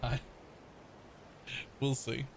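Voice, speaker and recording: A man's voice: very slow, slight background noise, poor audio. A man with a partly Australian accent, chatting casually as a live streamer, rambling, laughing often and swearing.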